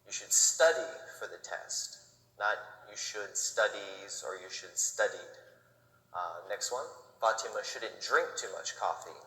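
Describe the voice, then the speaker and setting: Low bright-toned man explaining grammar in an echoey room. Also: recorded from a distance. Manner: patient, modelling sentences slowly and then at natural speed. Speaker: English grammar teacher. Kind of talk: explaining grammar with spoken examples. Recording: echoey room with long reverb.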